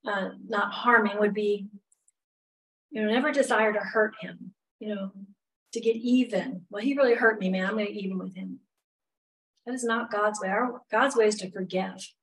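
In a medium-pitched voice, a middle-aged woman teaches a women's Bible study, chatting candidly and peppering her talk with "you know" asides. There's a little hiss or hum, and she's a bit far from the mic.

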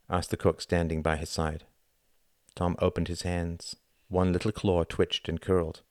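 Deep-voiced male audiobook narrator. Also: flat delivery, dry recording, clean studio sound. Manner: measured and deliberate. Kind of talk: scripted narration.

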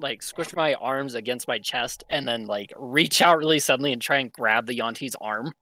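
A man playing a tabletop game with a lively, sardonic manner. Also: mid-range voice, moderate pace. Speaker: player.

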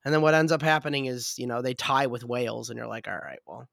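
A man's voice: mid-range voice, fairly even intonation, fast, creaky, fairly bright tone, dry recording, studio quality. A man co-hosting a casual sports podcast, bantering and laughing often. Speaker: podcast co-host.

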